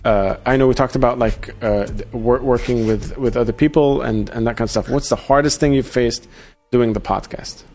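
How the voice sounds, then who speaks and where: Relaxed male podcast host. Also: mid-range voice, moderate pace, few pauses. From Australia. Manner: relaxed, chatty, stumbles on restarts. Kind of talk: casual podcast chat. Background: faint music.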